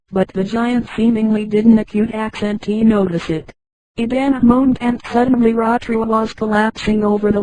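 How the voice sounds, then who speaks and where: A woman's synthetic voice narrating a sci-fi story in an even, flat reading that reads punctuation marks aloud. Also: fairly high pitch, no echo, poor audio.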